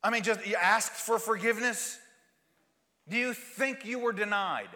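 Male pastor, sermon, high voice, rhetorical questions, repetitive emphasis, long church reverb. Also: normal speed, sharp tone.

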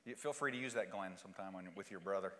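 A man's voice: low voice, fast, bright, forceful tone, in a large hall. A male pastor preaching a sermon, asking rhetorical questions and hammering points home through repetition.

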